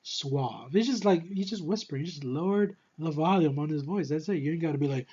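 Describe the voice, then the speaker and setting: Breathless excited man reviewing a film. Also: on the high side, breathy edge, muffled recording. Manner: excitable, rambling, swears freely, restarts often. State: short of breath. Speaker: movie reviewer. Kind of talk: casual movie review monologue.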